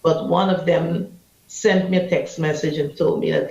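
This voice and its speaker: Guyanese woman, impassioned interview storyteller, gravelly edges, roomy muffled sound. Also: deep voice, steady tone, moderate pace, darkish tone. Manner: impassioned, vivid storyteller acting out quotes. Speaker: anti-trafficking activist. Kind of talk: emotional personal storytelling interview.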